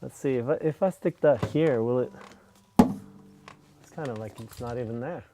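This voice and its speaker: A man's voice: medium pitch, normal speed, heavy background noise. A man from Norway, chatting casually as a guest musician in an easygoing, slightly nervous way. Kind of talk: casual conversation.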